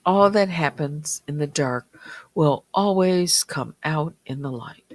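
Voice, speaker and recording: A late-night stream host talks slowly and softly in a small warm room, sometimes sinking into a whisper. The voice is a little dry and strained, with a mid pitch. The sound is close and dry, with no room echo. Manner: slow, quiet, often near a whisper.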